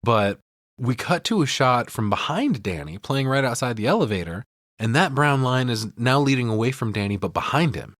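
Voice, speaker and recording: A man's voice: medium pitch, very animated, moderate pace, fairly bright tone, no echo, studio quality. A male podcast co-host giving a profane, casual film breakdown. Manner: profane, storytelling recap.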